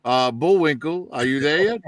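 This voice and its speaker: A man's voice: fairly high pitch, expressive, moderate pace, no room sound. A man hosting a casual panel chat, dry and wry as he moves the talk along to the next pick. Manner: dry, wry, steers the show. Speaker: host.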